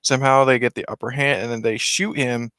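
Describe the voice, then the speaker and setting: Casual man recapping a movie, rambling and excited, mid pitch, dry close sound. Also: a little fast, clear, resonant tone, dry recording. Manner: rambling and excited with many restarts. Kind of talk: casual retelling of a film.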